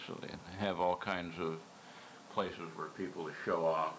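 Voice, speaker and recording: Low-voiced man, matter-of-fact. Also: fairly even intonation, measured pace, a bit bright, echoey room, a little hiss or hum, low-quality recording. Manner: brief, matter-of-fact remarks. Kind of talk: casual chat.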